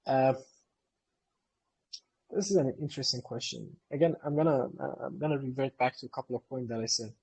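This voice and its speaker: A man's voice: medium pitch, a little fast, vocal fry, long pauses, a little mellow, husky, low-quality recording. A man who co-founded a company, answering community questions in a live Q&A session in an eager, explanatory way.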